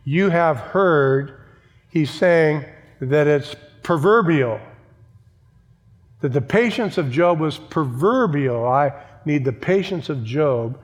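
A man's voice: fairly high pitch, lively intonation, slow. A male pastor preaching a sermon, emphatic, repeating key phrases and asking the congregation for an amen. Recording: long church reverb.

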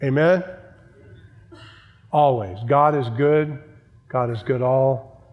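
A man's voice: mid-range voice, steady tone, slow pace, lo-fi sound. A male pastor preaching a sermon, emphatic, repeating key phrases and asking the congregation for an amen. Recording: long church reverb.

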